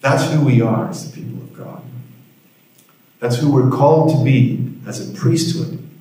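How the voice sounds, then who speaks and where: A man's voice: medium pitch, normal speed, mellow. Pastor guy telling a story in his sermon, bit of dry humor, super echoey church. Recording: heavy room echo.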